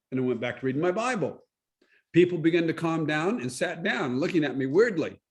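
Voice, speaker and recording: High-voiced man telling a testimony. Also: brisk. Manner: animated, acts out the quotes in his story. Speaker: Bible study leader sharing his testimony. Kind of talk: storytelling testimony.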